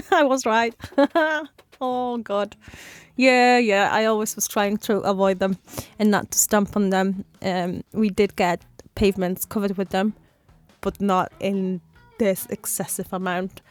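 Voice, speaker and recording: A woman's voice: mid-range voice, steady tone, unhurried, dry recording, faint music behind. A woman giving casual reaction commentary in a sympathetic, chatty, giggly way. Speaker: reaction video host.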